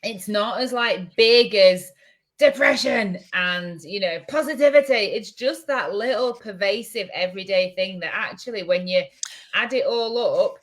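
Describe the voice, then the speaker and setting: A woman's voice: medium pitch, a little slow. Woman rambling on a podcast, says you know a lot, does silly upbeat voices. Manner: chatty, many fillers, mimics cheery voices. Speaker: podcast co-host. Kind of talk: casual chat.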